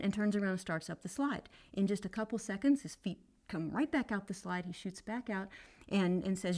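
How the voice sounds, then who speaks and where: A woman's voice: medium pitch, a little fast, darkish tone. Woman parenting teacher, casual storytelling, plain mid-range voice. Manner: conversational storytelling with fillers. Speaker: parenting educator. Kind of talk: teaching through a spoken anecdote.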